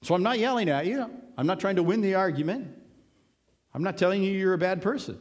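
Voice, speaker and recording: A man's voice: high voice, animated, fairly quick. Man preaching in an echoing church. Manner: earnest, conversational preaching with emphatic repetition. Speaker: pastor. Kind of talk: sermon. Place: church sanctuary. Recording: long hall reverb.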